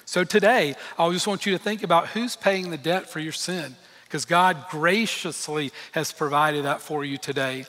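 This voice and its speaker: A male pastor delivers a sermon in an earnest, emphatic way, breaking off for candid personal asides. His voice sits a little high and has a bright, forceful edge. The sound carries a long reverb, as in a church sanctuary. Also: moderate pace.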